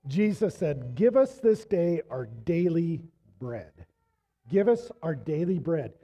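A man's voice: fairly high pitch, sing-song, takes it slowly, mellow. A middle-aged man preaching a sermon in a conversational storytelling way, rising to emphatic exhortation, while losing his voice. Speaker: pastor.

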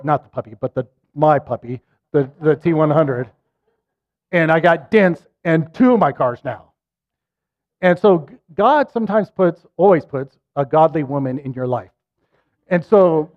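A middle-aged man preaching a sermon and telling a personal story, animated and self-deprecating. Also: a little high. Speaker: pastor. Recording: muffled lo-fi recording.

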